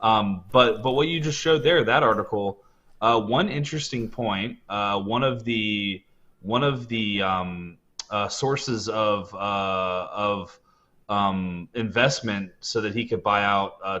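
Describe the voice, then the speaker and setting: A man co-hosting a casual roundtable chat, talking haltingly with many ums and uhs. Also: fairly low pitch, pushed and bright, highs cut off. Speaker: podcast co-host.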